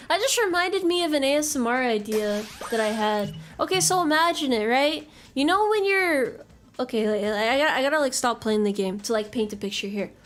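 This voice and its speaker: A woman game streamer in casual chat with her viewers, rambling and swearing casually as she answers their messages. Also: high voice.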